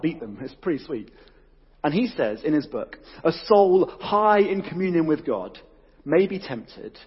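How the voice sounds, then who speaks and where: Excitable husky preacher in a hall. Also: male voice, medium pitch, lo-fi sound. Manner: excitable, exclamatory, casual slang. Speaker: youth preacher. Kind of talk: energetic sermon.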